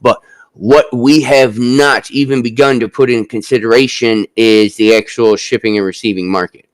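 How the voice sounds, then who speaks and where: A man hosting a casual live stock chat, talking in a halting way with many drawn-out fillers. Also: mid-range voice, steady tone, no room sound, poor audio.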